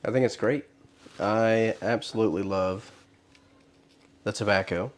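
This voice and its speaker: A man's voice: fairly low pitch, unhurried. A man co-hosting a casual podcast, teasing his partner with dry banter. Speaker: podcast co-host. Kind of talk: casual chat.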